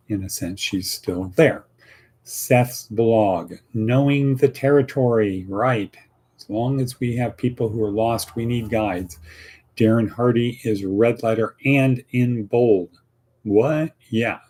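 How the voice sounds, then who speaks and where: A man's voice: lowish voice, a little mellow, husky. A man hosting a casual motivational podcast, talking in a rambling, folksy way and repeating his phrases. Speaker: podcast host.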